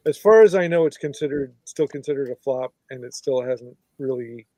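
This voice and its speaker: A man's voice: medium pitch, a little fast, warm tone, dry recording. A man from the United States hosting a casual podcast chat over a video call, rambling and correcting himself as he talks.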